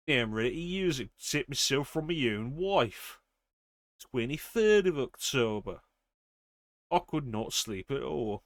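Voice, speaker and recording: A man's voice: medium pitch, dry recording, studio quality. Man streamer reading game notes aloud. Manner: reads steadily, then chats casually with fillers.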